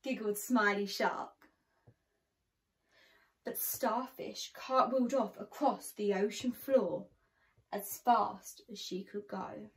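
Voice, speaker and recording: A woman reading a picture book aloud to children, slow and expressive with a sing-song lilt. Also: medium pitch. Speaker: children's storyteller.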